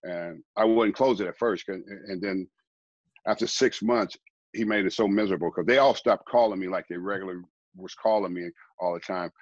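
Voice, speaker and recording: A middle-aged man, a guest preacher, telling his life story in a rambling, quiet way, often repeating words. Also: low-pitched, brisk, no room sound, muffled recording. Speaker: guest, former baseball player turned preacher. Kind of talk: conversational storytelling.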